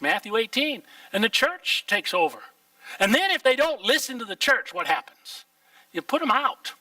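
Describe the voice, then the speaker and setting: In a church sanctuary, an older Oklahoman pastor delivers a plain-spoken, folksy sermon peppered with rhetorical questions. His voice is very high and sharp-toned. The rough recording has no room sound and places him far from the mic.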